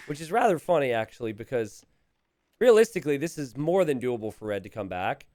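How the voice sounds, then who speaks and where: A man commentating a recorded strategy game match, animated and chuckling, calling out to the players. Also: mid-range voice, brisk, no echo, soft background music.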